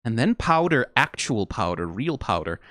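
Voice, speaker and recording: A man streaming a casual reaction, analyzing scenes closely, swearing freely and getting emotional and excitable. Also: mid-range voice, moderate pace, dry recording, clean studio sound. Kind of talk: casual video commentary.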